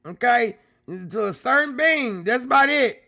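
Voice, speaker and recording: High, bright-voiced male streamer. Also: expressive, measured pace, no echo, clean studio sound. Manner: emphatic, repeats himself, swears freely. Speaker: livestream host. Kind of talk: live stream commentary.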